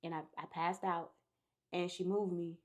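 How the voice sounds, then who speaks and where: A woman's voice: fairly low pitch, flat delivery, normal speed, dull audio. A young woman, a podcast guest, telling a story in casual chat, candid and profane, acting out what people said.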